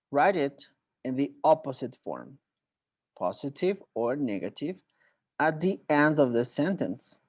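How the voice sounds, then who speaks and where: A man teaching an online English grammar lesson, explaining slowly and carefully and saying example sentences aloud. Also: mid-range voice. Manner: slow, deliberate explaining with spoken examples.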